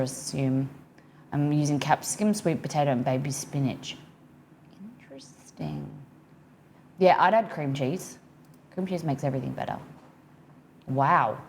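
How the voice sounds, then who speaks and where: A woman with an Australian accent hosts a cooking live-stream, chatting easily and reading viewer comments aloud as she reacts to each one. Her voice sits fairly low for a woman. A faint hum of background noise runs under her talk. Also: darkish tone.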